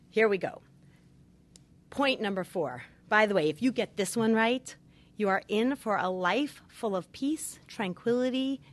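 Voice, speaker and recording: A middle-aged woman, a marriage therapist, giving earnest, emphatic advice point by point. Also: mid-range voice. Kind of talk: advice talk with numbered points.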